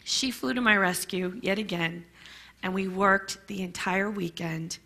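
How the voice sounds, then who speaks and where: A middle-aged woman speaks with a bright, tense edge and a husky, gravelly grain. She tells her own story to a class, candid and halting, with feeling running through it. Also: mid-range voice. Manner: candid, emotional, halting retelling. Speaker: bereaved mother sharing her story.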